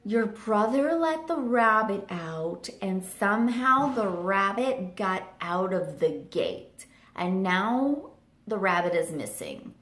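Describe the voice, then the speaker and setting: A woman imitating her calm, wry mother, speaking quietly and matter-of-factly. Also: medium pitch, slow. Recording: roomy echo.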